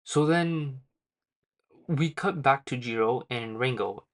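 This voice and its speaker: A man's voice: medium pitch, slow. A young man casually recapping a manga chapter in a rambling, slangy way with lots of fillers. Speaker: manga reviewer.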